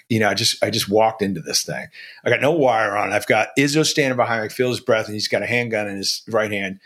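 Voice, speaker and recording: A man's voice: fairly low pitch, fairly bright tone. A man telling a story about his undercover past in a blunt, profane, casual way, as a podcast guest.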